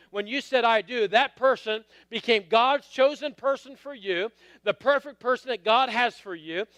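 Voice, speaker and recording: A man's voice: sits high, a bit bright, clear, resonant tone, dry recording. A middle-aged man preaching a sermon, telling a story with acted quotes and calling out to the congregation. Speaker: pastor.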